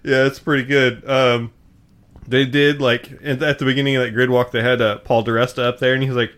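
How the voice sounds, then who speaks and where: A man's voice: mid-range voice, level tone, brisk, fairly bright tone. A man co-hosting a casual motorsport podcast, laid-back and rambling, with plenty of swearing. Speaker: podcast co-host. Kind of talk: casual chat.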